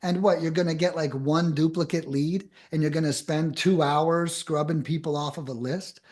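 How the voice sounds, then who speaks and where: Blunt high-voiced man talking fast. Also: fairly even intonation, a little mellow. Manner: blunt, emphatic, rapid bursts, casual swearing. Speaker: podcast guest. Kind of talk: casual conversational advice.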